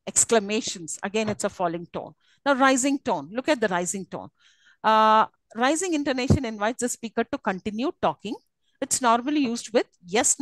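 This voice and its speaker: A woman's voice: a little high, dry recording. A woman giving a university lecture, explaining step by step and often checking that listeners follow. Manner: explanatory, checks understanding with repeated "okay?" and "isn't it?".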